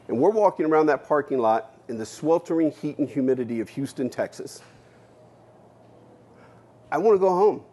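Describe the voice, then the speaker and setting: In a lecture hall, a male keynote speaker with a medium-pitched voice recounts a personal story bluntly and candidly. He swears freely and shifts between loud and hushed delivery.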